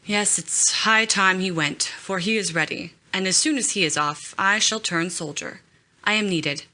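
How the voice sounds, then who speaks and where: A woman voicing a kind, earnest young male tutor in an audiobook, speaking gently. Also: medium pitch, moderate pace, close to an everyday voice.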